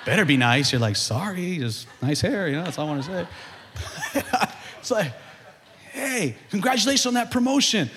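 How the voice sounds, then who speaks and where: A man delivers a sermon in a high, swooping voice that climbs to shouts. His tone is bright and sharp. A long church-hall reverb trails behind him. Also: normal speed, pauses often. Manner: animated preaching, building to shouts. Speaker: pastor.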